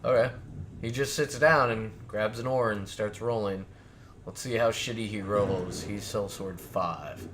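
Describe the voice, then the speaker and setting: A man running a tabletop game as game master, narrating in a relaxed way with many filler sounds. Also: lowish voice, measured pace, slight background noise. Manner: relaxed, lots of filler sounds, laughs often.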